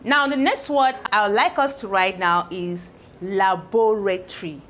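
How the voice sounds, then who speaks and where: A woman's voice: mid-range voice, fairly bright tone, slight background noise. A woman teaching English spelling, sounding out syllables one by one and checking that learners follow. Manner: slow, drawn-out syllables, sounding out each piece; asks learners if they follow. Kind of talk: phonics lesson at a board.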